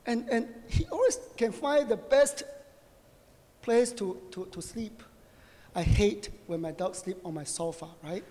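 A middle-aged man preaching a conversational sermon, animated and joking, often asking his listeners "right?". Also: sits high, measured pace. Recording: long reverb of a hall.

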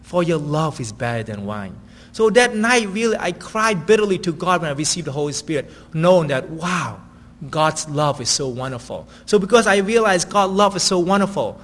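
A man preaching in a loose, chatty way, often tossing in "right?" as he goes. His voice sits a little high for a man. A long reverb tail hangs on every phrase. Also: lively intonation, normal speed, fairly bright tone. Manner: conversational, keeps asking "right?". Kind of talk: sermon.

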